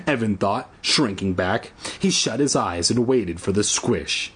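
Husky man, lively up-and-down delivery, comedic read-aloud, stumbles and jokes. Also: lowish voice, measured pace. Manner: stumbling, with crude asides. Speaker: reader. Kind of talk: comedic reading of a children's book.

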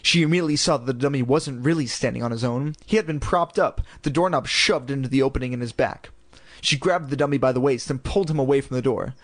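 A man's voice: medium pitch, fast talker. A man reading a children's story aloud in a casual, irreverent way, throwing in crude ad-libs. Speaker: reader.

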